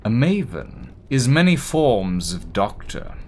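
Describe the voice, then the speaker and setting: A man narrating a tabletop role-playing game as game master, describing characters' actions at an unhurried pace. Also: mid-range voice, very animated, a little hiss or hum.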